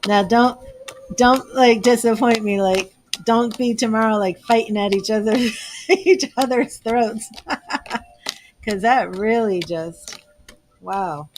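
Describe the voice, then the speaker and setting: A woman's voice: mid-range voice, slow pace, long pauses, a little hiss or hum, rough recording. A woman giving a live tarot reading, effusive and emotional, often laughing between thoughts. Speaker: tarot reader.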